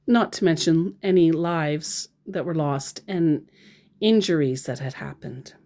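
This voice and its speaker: A woman's voice: deep voice, unhurried, warm tone. A woman in casual commentary on scam chats, sarcastic and laughing often. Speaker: scambaiter vlogger.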